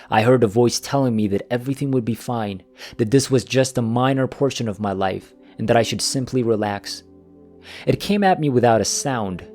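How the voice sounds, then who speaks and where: A man narrating a scripted first-person story in a calm, even manner. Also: medium pitch. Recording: faint music behind the voice.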